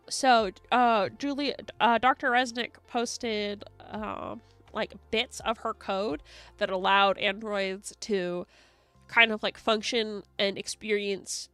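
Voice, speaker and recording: A woman streamer chatting casually, rambling and excitable, swearing and giggling often. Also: fairly high pitch, no echo.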